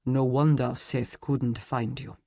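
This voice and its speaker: A man's voice: mid-range voice, little pitch movement, slow, vocal fry, dark tone, no echo, studio quality. A male narrator voicing a powerful elder immortal, speaking earnestly and with welcome.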